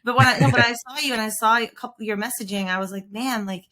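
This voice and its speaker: A woman hosting a podcast, a former principal telling stories in a casual, animated way with laughs. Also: fairly high pitch, rapid-fire, a crowd in the background. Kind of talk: casual conversational interview.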